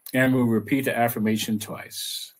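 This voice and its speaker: Speaking in a husky, medium-pitched voice, a male reverend offers a reflective spiritual talk and guides listeners through slow affirmations with pauses and repeated phrases.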